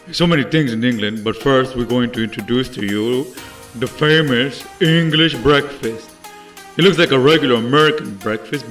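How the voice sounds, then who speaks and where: A man's voice: medium pitch, pushed and bright. A man presenting to children in a chatty, enthusiastic way, talking straight to the kids watching. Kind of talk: casual explanation to kids.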